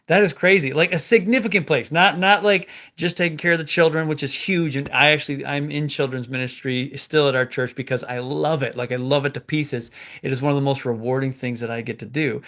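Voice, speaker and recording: A man's voice: fairly high pitch, fairly even intonation, a little fast, a bit bright. A man preaching a sermon in church, in a conversational, emphatic way with frequent casual fillers.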